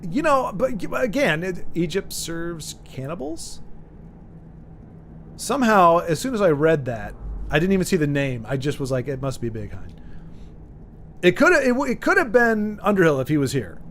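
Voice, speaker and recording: A man with a fairly high, slightly bright voice streams live, chatting casually and rambling as he reads viewer comments aloud. His pitch swings widely at a normal speed, and he often restarts and chuckles. There is slight background noise.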